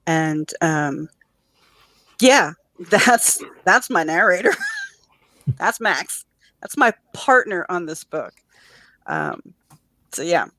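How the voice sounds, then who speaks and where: Lively woman writer telling a story. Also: fairly low pitch, extremely slow, long pauses, no room sound. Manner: animated storyteller. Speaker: guest writer. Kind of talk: podcast interview.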